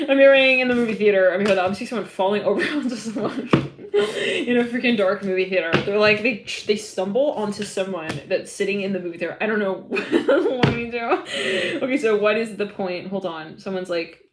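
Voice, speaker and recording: A woman's voice: medium pitch, lively intonation, normal speed, noisy background. A woman doing a live tarot reading, chatty and giggly and rambling with many fillers. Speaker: tarot reader.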